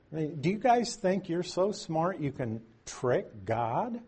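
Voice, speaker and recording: Slow, husky-voiced male Bible teacher. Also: on the high side, big pitch swings, a little mellow. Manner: conversational, with folksy asides and emphatic stresses.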